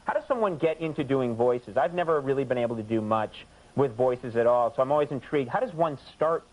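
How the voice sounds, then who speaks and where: A man hosting a late-night talk show, joking and asking quick questions. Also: medium pitch, expressive, darkish tone. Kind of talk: casual chat. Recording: noisy old TV tape.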